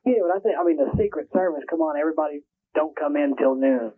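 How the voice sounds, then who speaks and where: A man's voice: on the high side, fast talker, slightly rough. A man in a casual talk show chat who asks skeptical questions. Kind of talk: casual conversation. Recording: tinny lo-fi public access audio.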